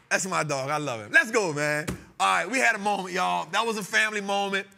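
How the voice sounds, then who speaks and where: A man's voice: high-pitched, brisk, vocal fry, hardly any pauses, slight background noise. A male host talking stocks in a loose, joking way, laughing and teasing his crew. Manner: animated, joking, laughing often. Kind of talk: comedic finance talk show.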